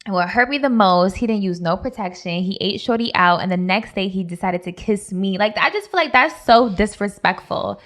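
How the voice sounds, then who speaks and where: Young woman, podcast co-host, animated storyteller, mid pitch, lots of laughs. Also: moderate pace, few pauses. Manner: animated, voices other people, laughs often. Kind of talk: casual storytelling chat.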